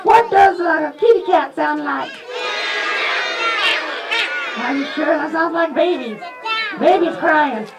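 A man's voice: takes it slowly, gravelly, pauses often, recorded from a distance, over a noisy crowd, very noisy, exaggerated voice. A man doing a bossy little red hen puppet. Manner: high squawky, ordering everyone about. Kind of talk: live puppet show. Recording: live show with a children's audience.

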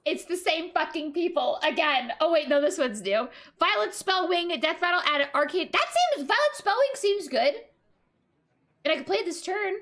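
Young woman, streamer, excitable, laughing, reading cards aloud, high voice, swooping pitch. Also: moderate pace. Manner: excitable, laughs often, reads card text aloud. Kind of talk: live game commentary.

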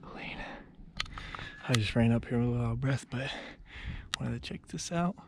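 Gravelly man vlogging outdoors in wind. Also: medium pitch, brisk. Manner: chatty, playful, sometimes whispering. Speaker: travel vlogger. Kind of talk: casual travel vlog narration. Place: outdoors in desert parks.

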